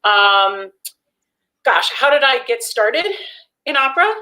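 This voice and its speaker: Chatty woman from the D.C. area, bright tense voice, laughs easily. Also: fairly high pitch, lively intonation, slow, rough recording. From Washington, D.C. area. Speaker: opera singer guest. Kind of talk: casual interview chat.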